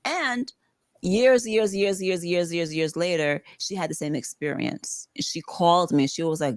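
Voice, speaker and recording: A woman from the Bronx, a podcast guest telling a personal story in casual talk, animated and swearing freely. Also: on the low side, measured pace, no echo. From the Bronx, New York.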